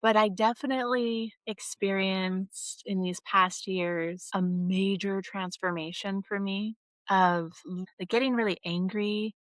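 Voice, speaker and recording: Slow, earnest middle-aged woman. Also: medium pitch, a bit bright, no echo, rough recording. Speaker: podcast co-host. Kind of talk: reflective casual chat.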